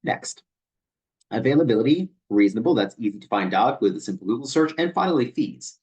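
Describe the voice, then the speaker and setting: A man's voice: mid-range voice, lively intonation, brisk, darkish tone. A man who is a personal trainer, reading emails aloud and picking them apart in a skeptical, pointed way, often restarting on repeated words. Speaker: personal trainer and channel host.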